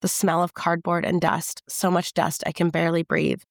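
A woman giving a measured, intimate first-person audiobook narration. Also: fairly low pitch, flat delivery, gravelly, no room sound, studio quality.

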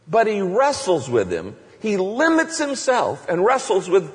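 Male pastor, lively sermon delivery, slightly high voice, reverb of a hall. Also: unhurried, few pauses. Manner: animated, acts out passionate prayers.

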